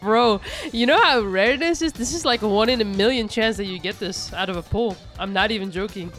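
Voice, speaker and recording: A woman hosting a gaming channel, giving excitable, exclamatory commentary straight to her viewers over gameplay. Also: medium pitch, fairly quick, soft background music.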